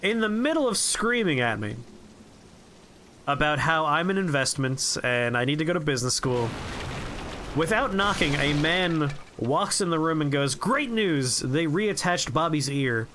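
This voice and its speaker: A man streaming a game, rambling through profane, relaxed anecdotes as he plays. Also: a little high, moderate pace, slight background noise. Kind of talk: casual gameplay commentary and storytelling.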